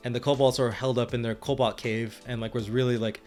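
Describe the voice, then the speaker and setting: A man's voice: mid-range voice, little pitch movement, brisk, darkish tone, faint music behind. A man co-hosting a podcast and retelling his tabletop game sessions as game master, rambling with frequent restarts and laughs. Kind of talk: casual chat.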